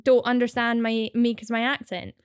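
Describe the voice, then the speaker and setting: A Scottish woman in her twenties, a streamer talking as a guest in a casual interview, rapid and chatty with lots of "like" fillers. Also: a little high, little pitch movement, clean tone, no echo, studio quality.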